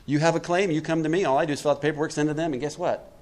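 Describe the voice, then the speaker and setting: A man giving a recovery workshop talk, asking his listeners questions and answering them himself, acting out quotes with big swings in pitch and loudness. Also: racing. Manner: preachy, asks the room questions and answers them; acts out quotes with animated swings in pitch and volume. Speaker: workshop speaker.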